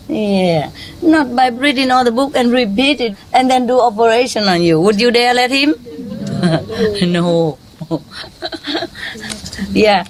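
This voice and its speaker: A woman's voice: mid-range voice, slight background noise. A woman giving an informal spiritual teaching talk to an audience. She chuckles often and quizzes her listeners in loose, conversational English.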